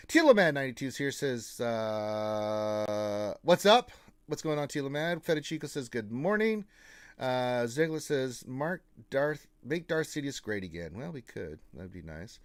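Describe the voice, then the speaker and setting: Brief: male stream co-host, playful and teasing, swings his pitch a lot. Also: no echo, clean studio sound. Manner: playful, teasing, drawn-out flat refusals. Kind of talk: casual live-stream chat, reading viewer messages.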